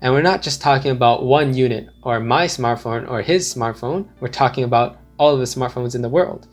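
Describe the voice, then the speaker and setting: A man teaching a language lesson, explaining slowly and deliberately and repeating his example phrases. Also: medium pitch, soft background music.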